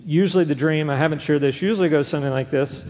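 A man's voice: on the high side, quick pace, darkish tone, big-room sound. A man preaching an earnest sermon as a pastor, often tossing in a rhetorical "right?" to the congregation.

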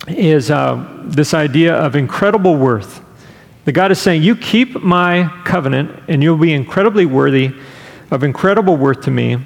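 Man, pastor, sermon, gravelly voice, conversational storytelling, long hall reverb. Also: a little high. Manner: conversational storytelling with fillers and asides.

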